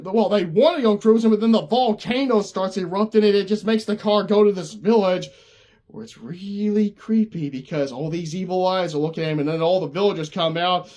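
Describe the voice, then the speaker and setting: A man's voice: sits high, a little mellow. A man casually recapping an old cartoon special, laughing often as he talks. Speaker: cartoon reviewer.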